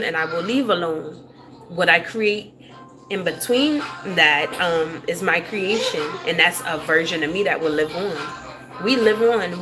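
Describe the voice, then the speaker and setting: A woman livestreaming, ranting to her chat in a blunt, profane way and laughing often. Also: medium pitch. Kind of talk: casual livestream rant to chat.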